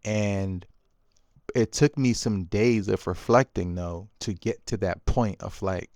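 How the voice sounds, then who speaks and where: A man's voice: on the low side, slow, no room sound, studio quality. A man telling a candid personal story about his son in a casual, confessional way, full of fillers and self-quotes. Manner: quotes himself with bursts of louder emphasis. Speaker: dad coach and video host.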